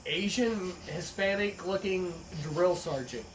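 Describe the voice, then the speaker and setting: A man's voice: high voice, slow pace, recorded from a distance, slight background noise. A man co-hosting a podcast, telling a story in a profane, jokey, casual manner and acting out the quotes. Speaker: podcast co-host. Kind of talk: casual chat.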